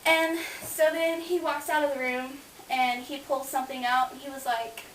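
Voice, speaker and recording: A woman's voice: sits high, steady tone, brisk, recorded from a distance. A young adult woman, a college student, chatting casually and bubbly about her life, with lots of "like" fillers. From Kansas. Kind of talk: casual personal storytelling vlog. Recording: roomy, off-mic, faint hiss.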